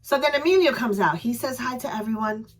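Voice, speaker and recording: Young woman vlogging, fairly high voice, kinda strained, super animated storytelling. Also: brisk. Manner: animated, acts out voices with loud high yells. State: voice slightly strained. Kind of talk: casual storytelling to camera.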